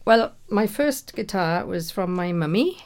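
A woman's voice: mid-range voice, animated, a little slow, a little mellow, a little hiss or hum. A middle-aged woman, a singer being interviewed in a radio studio, chatting casually with lots of fillers and easy laughs.

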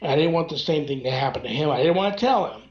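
Animated man telling a story over echoey lo-fi audio. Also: on the high side, very fast. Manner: animated storyteller, acts out quoted dialogue. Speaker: paranormal investigator guest. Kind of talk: casual storytelling chat.

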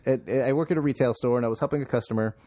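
A man's voice: mid-range voice, quick pace, mellow. A young man hosting a podcast, telling a rambling story with frequent swearing and laughter. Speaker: podcast host. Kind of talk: casual podcast chat.

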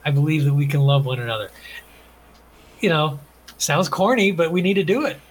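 A man's voice: a little high, moderate pace, low-quality recording. Earnest man preaching love and utopia. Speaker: author and guest. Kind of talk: casual podcast conversation.

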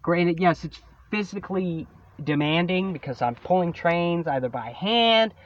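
A man's voice: sits high, a little slow, dull audio. A man hosting his own podcast, venting about a coworker in a profane, sarcastic solo rant. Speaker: podcast host.

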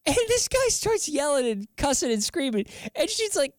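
A man hosting a casual sports talk show, rambling and animated, often chuckling as he talks. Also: extremely high pitch, normal speed, hardly any pauses, no echo.

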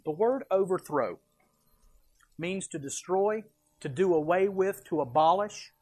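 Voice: medium pitch, expressive, measured pace, mellow, breathy edge. A preacher giving a verse-by-verse sermon with slides, emphatic, asking rhetorical questions and answering them, with folksy asides.

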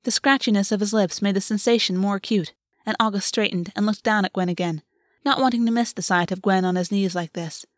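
A woman narrating a novel in an even, measured audiobook reading. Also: medium pitch, dry recording, studio quality. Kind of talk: scripted narration.

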